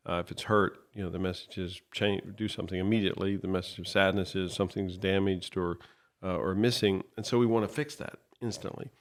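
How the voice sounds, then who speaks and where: A man co-hosting a podcast, explaining his thoughts in a thoughtful, measured way. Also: sits low, steady tone. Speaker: podcast co-host. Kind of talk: reflective podcast conversation.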